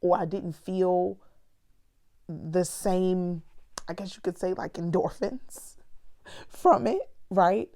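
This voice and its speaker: A woman's voice: lowish voice, slow, pauses often, dark tone. A woman and mother speaking candidly and earnestly in a personal reflective talk to her viewers. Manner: candid, earnest, conversational, sprinkled with "honey" and "girl". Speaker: vlogger.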